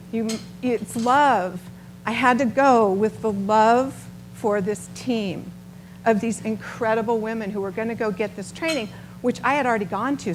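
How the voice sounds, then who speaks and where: A middle-aged woman giving a storytelling talk to a live audience, chatty and animated, often asking the listeners questions. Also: mid-range voice, a little hiss or hum, poor audio. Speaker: nonprofit founder giving a talk.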